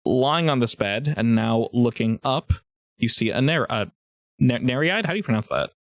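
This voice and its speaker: A man running a tabletop game as game master, narrating in a casual, halting way with many fillers. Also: medium pitch, expressive, no room sound.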